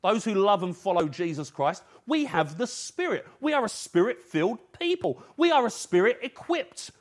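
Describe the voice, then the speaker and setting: A man's voice: high voice, sing-song, moderate pace. A man from England preaching an evening sermon in an earnest, urgent way, using rhetorical questions.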